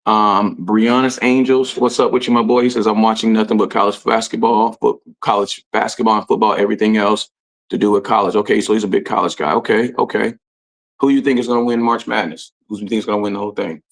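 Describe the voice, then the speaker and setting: A man hosting a casual livestream, reading out commenters' names and greeting them in relaxed, slangy talk. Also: lowish voice, fast talker. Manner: shouting out commenters, laid-back slangy talk. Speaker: livestream host. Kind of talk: casual live-stream chat.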